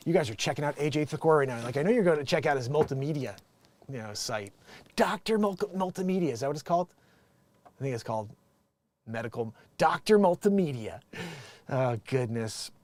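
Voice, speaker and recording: High-voiced man riffing on the news. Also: lively intonation, a little fast, a little mellow. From United States. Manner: joking, acts out quotes. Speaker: vlog host reading news. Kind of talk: casual news commentary.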